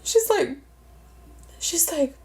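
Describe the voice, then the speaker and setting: Earnestly recounting something personal on her podcast, this co-host from a Mexican-American family switches into Spanish mid-sentence. Her high, gravelly voice has a darkish tone, and she sounds animated, drawing out her words.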